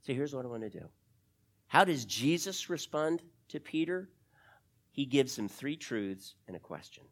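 A pastor preaching a sermon and speaking directly to the congregation, swinging between fast, loud bursts and slow, hushed stretches. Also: mid-range voice.

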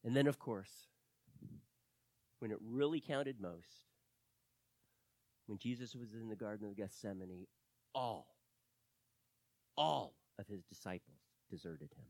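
Man preaching, storytelling, gets loud then drops to a hush, dry close sound. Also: fairly low pitch, slow, long pauses, no room sound. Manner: animated storytelling, swings from loud to hushed. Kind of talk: sermon.

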